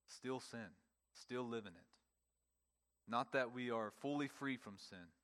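A man preaching a sermon, emphatic, with pauses and repeated phrases, speaking to a congregation in a church. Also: fairly low pitch, fairly bright tone. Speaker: pastor.

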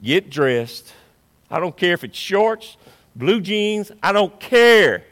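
A pastor delivers a sermon in his church with a high-pitched, lifted voice. He preaches emphatically, pushing some phrases out loud and dropping others to a near hush. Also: very animated, takes it slowly. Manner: emphatic preaching, swings between loud and hushed. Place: church sanctuary.

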